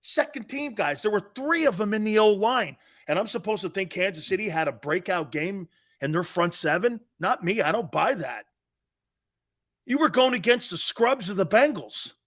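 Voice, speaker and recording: Brash, high, lively male sports host. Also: moderate pace. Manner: brash, animated, opinionated, mocking pundits; laughs at his own points. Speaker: sports talk show host. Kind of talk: live sports radio talk.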